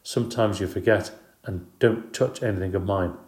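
A man's voice: on the low side, normal speed, darkish tone, echoey room, close to an everyday voice. A man doing a sour sulky stepsister girl. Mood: snippy. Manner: snappish, sour, complaining. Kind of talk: audiobook character voice.

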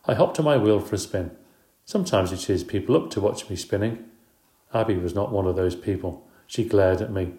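A man's voice: on the low side, fairly quick, dark tone, reverberant. A man narrating a children's story in the first person, in a light, chatty, playful way. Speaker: audiobook narrator.

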